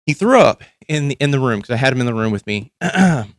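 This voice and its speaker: A man's voice: medium pitch, expressive, fast, no room sound, clean studio sound. Profane, rambling male livestream host. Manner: rambling, profane, exasperated ranting. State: overcaffeinated and tired. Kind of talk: casual political commentary. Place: home.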